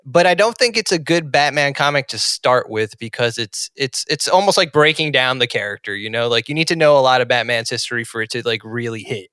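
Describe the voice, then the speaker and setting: A man's voice: medium pitch, lively intonation, a little fast, few pauses, pushed and bright, clear, resonant tone, no echo, studio quality. A man from the Northeast US co-hosting a casual podcast, speaking in a thoughtful, hesitant way. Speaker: podcast co-host. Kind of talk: casual chat.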